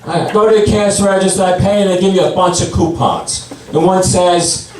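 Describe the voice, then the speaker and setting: Man in his sixties doing stand-up. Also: moderate pace. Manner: deadpan one-liners, voices others in a higher pitch. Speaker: stand-up comedian. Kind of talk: stand-up comedy set. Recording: echoey club, voice from far off.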